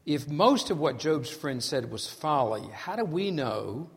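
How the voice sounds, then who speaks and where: A man's voice: on the high side, very animated, unhurried, creaky. A man joining a Bible study dialogue, asking thoughtful questions. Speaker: co-teacher. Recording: long hall reverb.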